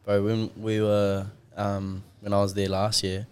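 A man's voice: fairly low pitch, measured pace, clean tone. A young man telling stories in a casual podcast chat, rambling and slangy, throwing in "bro" a lot. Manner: relaxed, rambling storyteller, slangy, calls people "bro".

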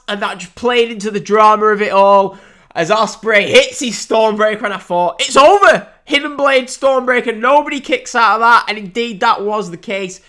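A man talking excitedly about a wrestling match, swearing freely and loudly acting out the big moments. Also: high voice. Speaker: wrestling commentator. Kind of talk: casual chat.

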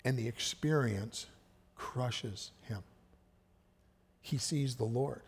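A man preaching a sermon as pastor, earnest, swinging between hushed and emphatic delivery. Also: medium pitch, slow, breathy edge. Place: church sanctuary. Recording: echoey church hall with long reverb.

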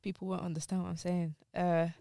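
A woman's voice: fairly low pitch, level tone, fairly quick, creaky, mellow, no room sound. A woman co-hosting a casual podcast chat, speaking openly and emotionally while grieving, her voice close to tears. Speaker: podcast co-host.

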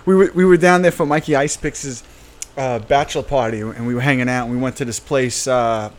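A man's voice: mid-range voice, steady tone, fairly quick. A man in casual chat who stammers, restarts his sentences and laughs between phrases.

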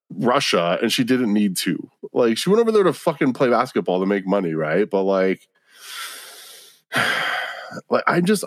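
A man rants on his solo podcast, swearing freely and piling on slang. His pitch leaps and drops all over the place as he gets worked up, and the sound is close and dry with no room in it. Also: no room sound. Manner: profane, exasperated ranting full of slang. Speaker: podcast host. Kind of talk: casual solo podcast rant.

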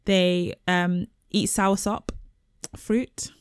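A woman's voice: fairly low pitch, drawn-out words, clean tone, no room sound, studio quality. Joking woman co-hosting a chat show. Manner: joking, animated banter. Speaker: podcast co-host. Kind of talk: casual chat.

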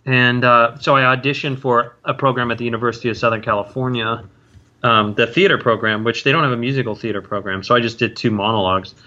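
Forties male actor guest, rambling chat, bright tone on a dull lo-fi recording. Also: medium pitch, steady tone. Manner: rambling, halting, many self-interruptions and restarts. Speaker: guest, stage and screen actor. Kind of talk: casual interview chat.

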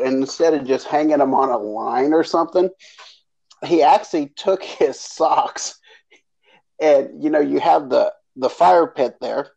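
A man's voice: a little high, vocal fry, darkish tone, dull audio. A man co-hosting a podcast, reminiscing in casual chat and often breaking into giggles. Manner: giggly, keeps breaking into laughter. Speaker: podcast co-host.

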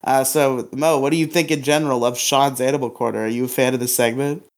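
A man's voice: medium pitch, steady tone, fast. Laid-back, swearing male podcast co-host. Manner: crude, laughs often, swears freely. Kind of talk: casual podcast chat.

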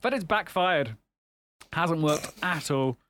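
A man's voice: on the high side, animated, slow pace, a bit bright, slight background noise. A man hosting a podcast in casual chat, teasing and laughing often. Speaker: podcast host.

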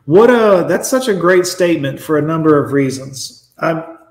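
A man in his forties reacting to videos with blunt, sarcastic, profane commentary. His voice sits a little high for a man. The sound is roomy and echoey. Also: normal speed. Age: 40s. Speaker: streamer host reacting to videos. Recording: echoey room.

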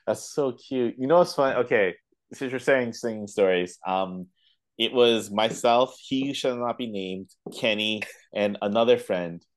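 A man co-hosting a podcast, telling animated stories in casual chat with lots of fillers. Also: fairly low pitch, unhurried. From Canada. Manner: animated storytelling with laughs and fillers. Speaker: podcast co-host.

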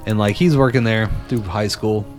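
Faint music plays behind a young man with a lowish voice speaking at a moderate pace. Chatting casually, he tells an animated story packed with swearing, acting out the voices of the people in it.

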